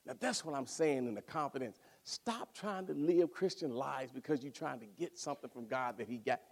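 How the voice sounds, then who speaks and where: A man preaching a sermon, swinging from loud exclaiming to hushed near-whispers. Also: medium pitch, lively intonation, normal speed, creaky, few pauses.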